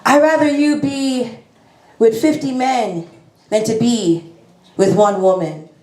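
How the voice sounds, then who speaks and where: A woman's voice: a little high, slow, darkish tone, roomy sound, low-quality recording. Haitian accent, stern devout mother voiced by a comedian woman, disapproving.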